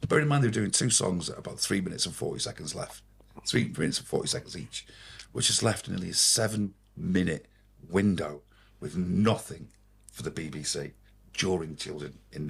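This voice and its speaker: A man's voice: low-pitched, gravelly, breathy edge. A man, a podcast guest, telling rambling, swearing anecdotes in casual storytelling.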